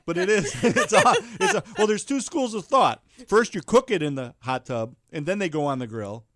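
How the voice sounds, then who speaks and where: A man's voice: high-pitched, very animated, normal speed, a bit bright, dry recording, studio quality. A man hosting a casual radio talk show, teasing callers playfully and laughing often between his lines. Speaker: radio show host and chef. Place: radio studio.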